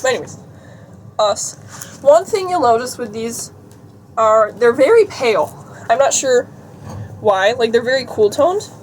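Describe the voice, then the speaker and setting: A woman's voice: on the high side, big pitch swings, measured pace, long pauses, a little hiss or hum. A young woman chatting casually in a vlog, giggly and talkative, reading items aloud. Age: young adult. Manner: chatty, giggly, reads out a list. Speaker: vlogger.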